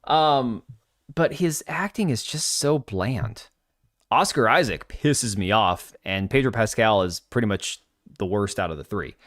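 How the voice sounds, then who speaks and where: A lively, ranting male stream host. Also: lowish voice, measured pace, dry recording, studio quality. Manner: ranting, blunt and mocking. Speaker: livestream host. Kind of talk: casual live stream commentary.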